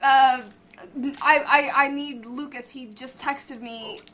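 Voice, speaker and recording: A woman playing a tabletop game, casual and excitable. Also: sits high, slow. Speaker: player.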